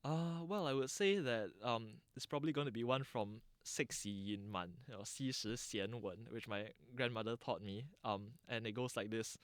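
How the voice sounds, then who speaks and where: A man's voice: mid-range voice, moderate pace, hardly any pauses, no echo. A man with a Singaporean English accent, answering interview questions in a thoughtful, lecturing way with frequent restarts and fillers. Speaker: interviewee, dialect channel founder.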